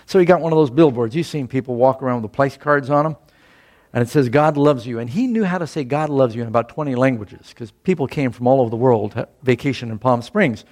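Weaving a personal story into his sermon, an older pastor keeps things easygoing and conversational. He's an expressive, fast talker at a moderate pitch who rises louder and higher for quoted scripture and speech.

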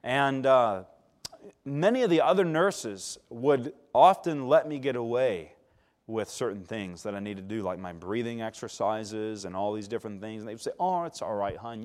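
A man preaching a sermon and telling a personal story, with a voice of ordinary pitch. He rises to loud emphasis and then drops to quiet, hushed lines. He stops to call for a response from the congregation. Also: expressive, moderate pace. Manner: dynamic, swings from loud emphasis to hushed tones; calls for audience response.

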